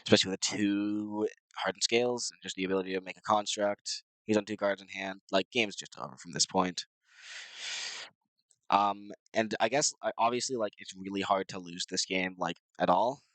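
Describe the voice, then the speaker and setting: A low-voiced man with a nasal, slightly sick sound, commentating his own card game matches. He rambles casually and unsurely, leaning on fillers. The recording is close and completely dry, with no room in it. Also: moderate pace, a bit bright, dry recording, low-quality recording. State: a little sick.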